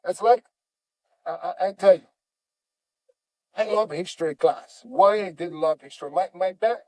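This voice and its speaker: Animated man in broken English. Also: high-pitched, a little slow, no room sound. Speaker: jiu-jitsu master, guest. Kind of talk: storytelling in conversation.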